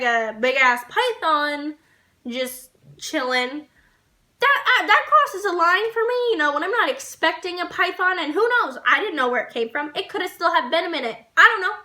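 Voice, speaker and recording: A young woman vlogger telling a story to camera in a casual, animated way, swearing and laughing as she goes. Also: sits high, normal speed.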